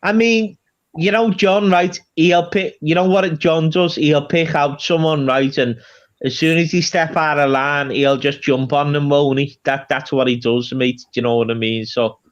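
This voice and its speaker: A man chatting on a livestream panel, chummy and quick to laugh. His fairly high voice comes through a muffled, lo-fi call line. He swears freely and keeps the banter going. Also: fairly even intonation. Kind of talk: casual banter.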